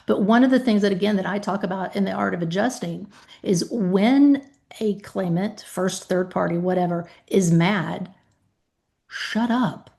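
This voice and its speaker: A woman's voice: medium pitch, normal speed, gravelly, dark tone. Emphatic woman podcast host. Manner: emphatic, acts out phone calls with claimants. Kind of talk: casual podcast conversation.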